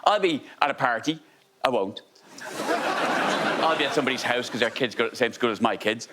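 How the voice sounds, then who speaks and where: A man's voice: medium pitch, brisk, heavy background noise. A man, a comedian, grumbling through a dry, sarcastic stand-up routine. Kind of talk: stand-up routine on a panel show.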